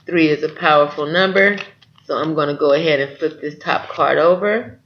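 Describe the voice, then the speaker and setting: A man's voice: on the high side, moderate pace, highs cut off. A man giving a spiritual tarot reading to his viewers, earnest and encouraging, often checking in with "okay?". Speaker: tarot reader.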